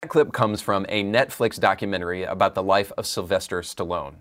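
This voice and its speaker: A man's voice: low voice, fairly quick, loud music behind the voice. A man hosting a commentary show, delivering opinions in an emphatic, argumentative way. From United States. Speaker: commentary podcast host.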